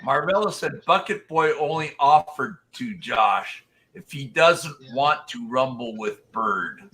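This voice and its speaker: A man's voice: medium pitch, lively intonation, slow pace, a bit bright, poor audio. A man hosting a live stream in casual chat, reading out viewer requests and laughing often.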